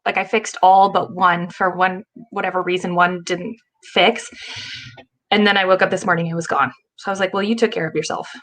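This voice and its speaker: A woman co-hosting a casual live stream over a video call, asking quick questions and joking. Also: fairly low pitch, flat delivery, a bit bright. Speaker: co-host.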